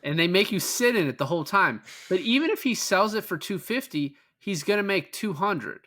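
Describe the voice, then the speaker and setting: Bright-voiced man recapping a film. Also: high-pitched, expressive, moderate pace. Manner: loose and profane, recaps scenes with laughs. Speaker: podcast co-host. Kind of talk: casual film discussion.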